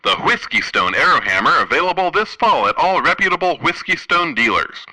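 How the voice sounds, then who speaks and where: Guy doing a pompous old radio announcer captain, super bright, bouncy, all over the place. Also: fairly high pitch, very animated, fairly quick, full character voice, rough recording. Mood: salesy. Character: pompous retired army captain, 1930s man. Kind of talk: 1930s radio acting.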